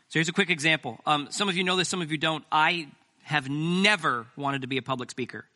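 Bright-voiced joking male pastor. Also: on the high side. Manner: conversational, joking, self-deprecating. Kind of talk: sermon.

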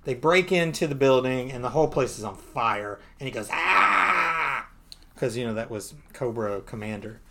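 Man, podcast co-host, easygoing chatty recap with laughs, mid-pitched voice. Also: a little fast, hardly any pauses, a little hiss or hum. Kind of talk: casual comic book discussion.

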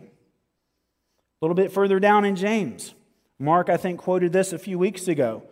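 A man preaching a sermon as a pastor, earnest and building to emphatic peaks, slowing down for stress. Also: high voice. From American South. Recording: long hall reverb.

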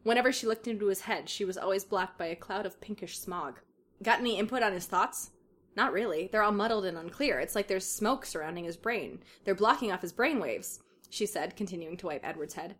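A woman's voice: mid-range voice, fairly quick, fairly bright tone. A woman reads a story aloud on a laid-back comedy podcast. Her delivery is dramatic, and she often breaks into laughter. Between passages she chats casually. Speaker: podcast co-host reading fan fiction aloud. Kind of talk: casual comedic reading and chat.

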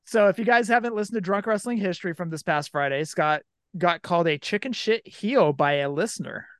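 A man's voice: high voice, fairly quick, clear, resonant tone, no echo, clean studio sound. A man hosting a podcast with his brother, laughing often and teasing in casual banter. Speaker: podcast host.

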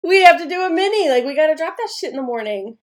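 A woman's voice: extremely high pitch, lively intonation, fast. A woman co-hosting a podcast, chatting casually, giggly and rambling with lots of "like". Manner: giggly, rambling with many fillers. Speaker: podcast co-host. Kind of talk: casual chat.

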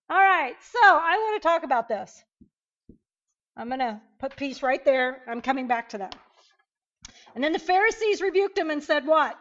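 A woman teaching an interactive Bible lesson, emphatic and animated, questioning her class. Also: high-pitched, moderate pace, pauses often, lo-fi sound.

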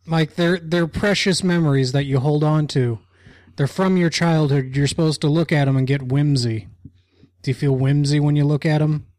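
A man's voice: fairly high pitch, fairly even intonation, moderate pace, a little mellow, no echo, studio quality. A man co-hosting a casual podcast chat, teasing the others and swearing freely. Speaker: podcast co-host.

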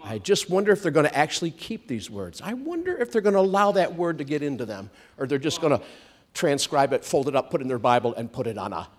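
A man voicing a scheming male devil who mutters low and sly as he watches and plots. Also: sing-song, quick pace.

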